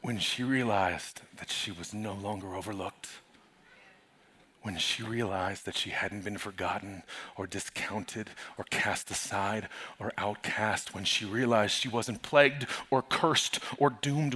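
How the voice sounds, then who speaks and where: A male pastor preaching a sermon in a church, telling the story dramatically and swinging from hushed to loud. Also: fairly low pitch, steady tone, unhurried, husky.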